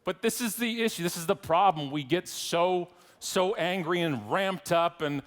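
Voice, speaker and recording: A middle-aged Canadian man delivers a keynote with a wry, joking edge, ribbing the crowd as he goes. His voice sits a touch high for a man. It rings out with the long reverb of a large hall. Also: moderate pace, a bit bright. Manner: wry, joking, teasing the audience. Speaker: keynote speaker. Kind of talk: humorous keynote speech. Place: large conference hall stage.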